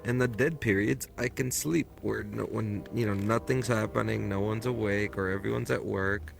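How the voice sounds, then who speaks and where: Male friend on a stream, deep and very gravelly voice, dry and relaxed humor. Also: normal speed, music in the background. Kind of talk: casual chat.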